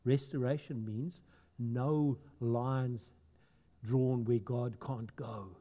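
A man's voice: mid-range voice, steady tone, extremely slow, dark tone. A man with a South African accent preaching a sermon as pastor, talking conversationally and building to emphatic passages. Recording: long hall reverb.

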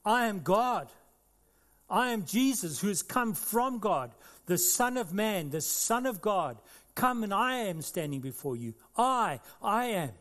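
A man voicing a solemn male religious teacher, declaring slowly and emphatically. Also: sits high, sing-song, fairly bright tone, in a large hall, heavily acted. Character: adult male preacher figure declaring divinity, solemn.

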